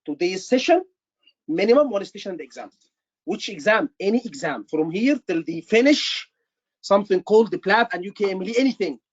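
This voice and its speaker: A man's voice: sits high, animated, a little fast, no room sound, dull audio. Man teaching, dry sound. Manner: emphatic, repeats words, says "brother" often. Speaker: medical exam tutor. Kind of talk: online teaching session.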